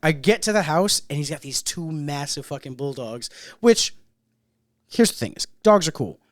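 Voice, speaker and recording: Profane, laughing podcast host. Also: male voice, on the high side, animated, moderate pace, no room sound, studio quality. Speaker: bartender. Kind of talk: casual podcast chat.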